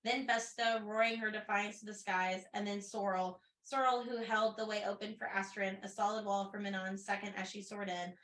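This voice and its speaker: Woman, podcast co-host, bright tone, emotional, laughing, echoey room. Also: medium pitch, fairly even intonation, normal speed, few pauses. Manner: emotional, reads passages aloud, laughs often. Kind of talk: casual book discussion podcast.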